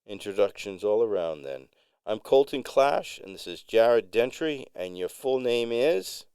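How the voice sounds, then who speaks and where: Give me a cocky male rocker, animated and boastful, with a crisp, dry sound, as a man acts him. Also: fairly low pitch, measured pace, dry recording. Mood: showy. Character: cocky male rock musician, showy and animated.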